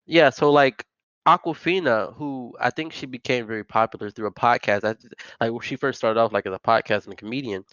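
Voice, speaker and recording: A man hosts a loose, casual podcast and rambles from point to point, leaning on filler words as he goes. His voice sits at an ordinary middle pitch. It comes across dull and dry, like a cheap podcast mic in a deadened room. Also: a little fast, fairly bright tone, dry recording. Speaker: podcast host.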